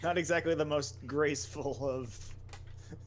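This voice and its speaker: Low-voiced woman with dry asides. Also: steady tone, normal speed. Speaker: co-host. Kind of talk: casual gameplay commentary.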